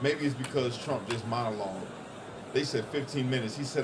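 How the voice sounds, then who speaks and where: A man's voice: mid-range voice, measured pace, long pauses. A man streaming a casual live reaction, talking in loose slang and breaking into laughter. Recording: clear background noise.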